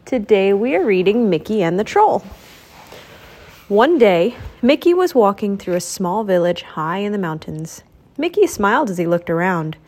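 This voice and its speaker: A woman's voice: mid-range voice, sing-song, normal speed, darkish tone. Woman reading a children's storybook aloud.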